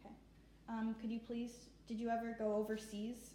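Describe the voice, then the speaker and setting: A woman interviewer with a mellow, slightly high voice, asking questions for an oral history interview. She speaks politely and patiently repeats each question. Her voice carries the echo of the room. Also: completely flat delivery, normal speed, a little hiss or hum. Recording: echoey room.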